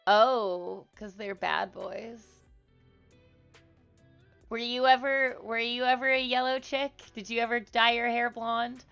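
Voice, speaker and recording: A woman live streaming from the office room of her apartment over a headset mic, chatting slowly and softly with viewers and cooing to her pet. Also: fairly high pitch, steady tone, gravelly, clear, resonant tone, muffled recording, faint music behind. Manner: slow, soft-spoken and chatty, cooing baby talk to her pet. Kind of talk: casual live-stream chat. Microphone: headset microphone.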